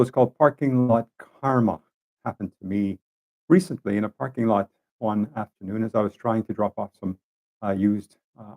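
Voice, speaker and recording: A man from Canada hosts a casual storytelling monologue, speaking in a lowish, gravelly voice. He rambles a little, restarts phrases and turns to his listeners with asides. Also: muffled recording. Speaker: podcast host.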